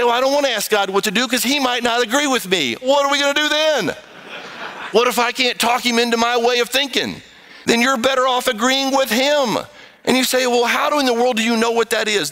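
Bright-voiced man preaching. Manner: dynamic, swings pitch widely, acts out voices and sounds. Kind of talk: sermon.

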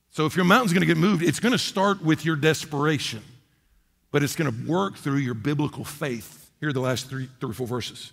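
A man preaching a sermon as a pastor, impassioned and swinging from loud to hushed. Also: on the high side, fast talker, creaky, big-room sound.

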